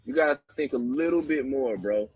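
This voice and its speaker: A man's voice: medium pitch, a little fast, darkish tone, slightly rough, rough recording. A man in a heated online debate, mocking his opponent while lecturing on animal classification.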